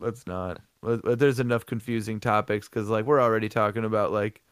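A man's voice: fairly low pitch, fairly even intonation, fairly quick, smooth, dry recording, studio quality. A man co-hosting a casual podcast chat, rambling and profane, often laughing. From American Midwest. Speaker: co-host.

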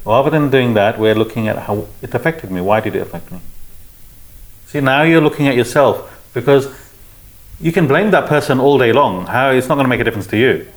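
A man leading a spiritual discussion, explaining calmly with repeated phrases. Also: medium pitch, fairly quick, low-quality recording. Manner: calm, explanatory, repetitive phrasing. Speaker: spiritual teacher. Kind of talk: teaching discussion.

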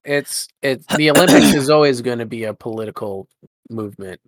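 A man's voice: medium pitch, fairly quick. Laid-back man co-hosting a podcast. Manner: laid-back, short agreeing replies. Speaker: podcast co-host. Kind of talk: casual chat.

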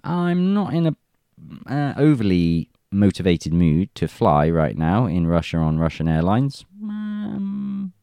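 A man's voice: low voice, a little mellow, no echo, studio quality. A man reading news reports aloud and adding wry, chuckling remarks in casual commentary. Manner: reads reports then jokes and chuckles.

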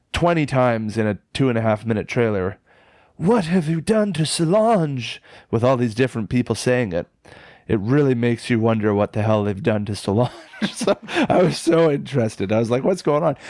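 Fields: Sex: man. Style: casual podcast chat. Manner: jokey, profane, excitable. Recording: dry, close. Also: medium pitch, no echo. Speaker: podcast co-host reviewing films.

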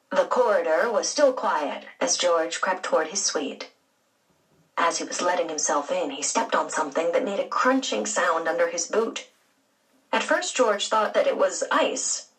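A woman narrating a children's audiobook in an expressive storytelling manner. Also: on the low side, recorded from a distance, low-quality recording.

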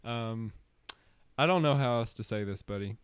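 A man, co-hosting a casual podcast and chatting easily. His voice is smooth and resonant, with a dry, close-miked sound. He talks in a relaxed, halting way with fillers. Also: mid-range voice, no echo. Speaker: podcast co-host. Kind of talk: casual chat.

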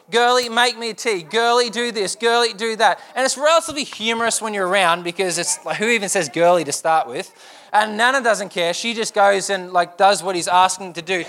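A man's voice: high-pitched, pushed and bright. A young adult man preaching a sermon as pastor, asking earnest repeated rhetorical questions.

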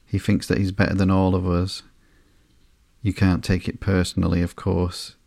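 A man hosting a sleepy podcast, reading through a comic slowly and flatly with frequent ums and uhs. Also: sits low, creaky, no echo, clean studio sound. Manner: slow, flat and unhurried, with frequent ums and uhs. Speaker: podcast host.

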